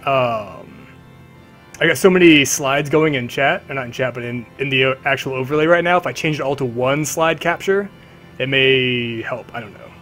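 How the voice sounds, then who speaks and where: A man's voice: mid-range voice, moderate pace, fairly bright tone, soft background music. A man running a tabletop game on a live stream, narrating in a casual, vivid way full of fillers.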